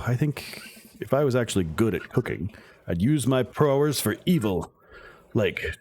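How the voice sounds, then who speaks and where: A man reading a story game aloud for a let's play, voicing the dad character, with playful joking asides. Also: on the low side. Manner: playful, joking asides between read lines.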